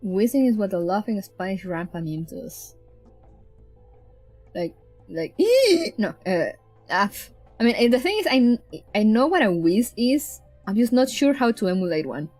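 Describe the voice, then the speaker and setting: A woman's voice: mid-range voice, expressive, normal speed, darkish tone, dry recording, soft background music. A woman streamer giving casual, giggly commentary while reading through a story game. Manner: giggly, reacts with frequent laughter.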